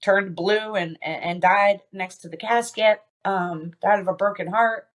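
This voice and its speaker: A woman being interviewed on a podcast, telling a personal story with many pauses, fillers and restarts. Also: mid-range voice, fairly even intonation. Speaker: podcast guest.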